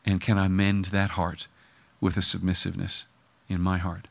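A man's voice: sits low, monotone, normal speed, creaky, fairly bright tone. A man preaching a sermon in a conversational way, acting out the voices he quotes. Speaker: pastor.

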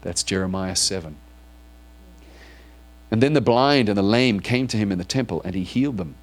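A man's voice: fairly low pitch, moderate pace. A man preaching to his congregation in church, reading scripture aloud and then asking it probing questions. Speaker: pastor. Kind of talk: sermon.

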